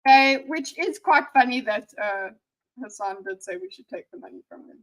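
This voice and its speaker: A woman's voice: high-pitched, expressive, normal speed, a bit bright, a little hiss or hum, poor audio. A woman in her thirties, a streamer giving sarcastic, teasing live reaction commentary. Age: 30s.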